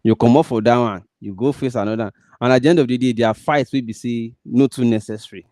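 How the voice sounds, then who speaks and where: Nigerian guy giving earnest advice, mid pitch, dark warm voice, keeps repeating for emphasis. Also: fairly even intonation, fast, hardly any pauses, dry recording, studio quality. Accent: Nigerian, Pidgin-mixed English. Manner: earnest, repetitive pleading with emphatic stresses. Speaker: commentator. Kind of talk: direct-address commentary.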